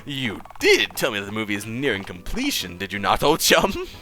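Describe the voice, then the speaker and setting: Guy doing a pompous old british gent, fake accent, very animated. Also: on the low side, normal speed, faint music behind, full character voice. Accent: attempted British. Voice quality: stuffy, formal, old-fashioned phrasing. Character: pompous aging gentleman theater owner, formal. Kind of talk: reading a game aloud on stream.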